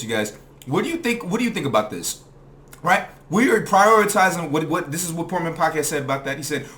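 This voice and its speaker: A man rants into his mic for his reaction channel, heated and fired up, cursing as he goes. His voice sits high and rings bright. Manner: heated, ranting, swears freely. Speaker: commentary channel host. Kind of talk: reaction commentary.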